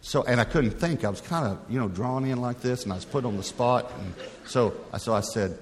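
A man's voice: medium pitch, a little fast, a little hiss or hum. A middle-aged man and pastor telling a personal story in a sermon, talking conversationally with frequent restarts. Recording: long reverb of a large hall.

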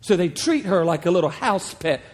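A man preaching a sermon as a pastor, retelling the story in a conversational, animated way with humorous asides. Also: high-pitched, normal speed. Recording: long hall reverb.

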